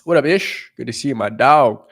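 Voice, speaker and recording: A man's voice: mid-range voice, fairly quick. A man giving dating advice in a casual, emphatic monologue. He swears freely, keeps checking in with "right?", and acts out what strangers might be thinking. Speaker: dating coach.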